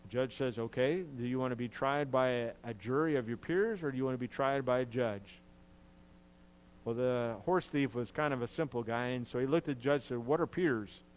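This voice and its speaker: A man's voice: mid-range voice, fairly quick, slight background noise, poor audio. Earnest male pastor preaching a sermon. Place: church.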